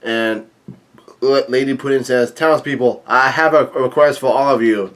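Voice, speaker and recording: A man reads a comic chapter aloud in a plain, mid-pitched voice. He stumbles and restarts often and fills gaps with "uh" and "um". He tosses in his own casual remarks between the lines he reads. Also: fairly bright tone. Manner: halting, many fillers and restarts; reads dialogue aloud with light commentary. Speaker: manga chapter reader. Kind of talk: casual manga read-through.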